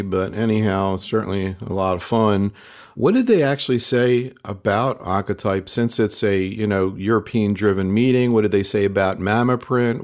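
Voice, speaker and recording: A low-voiced man hosting a medical interview. He asks his questions casually, in a conversational tone. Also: darkish tone.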